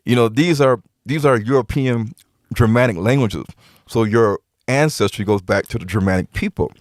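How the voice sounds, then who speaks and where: A man's voice: medium pitch, moderate pace, no room sound, studio quality. A man, a podcast guest, telling stories emphatically, often repeating himself as he retells conversations. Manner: emphatic, retells conversations with many quoted lines. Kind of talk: conversational storytelling.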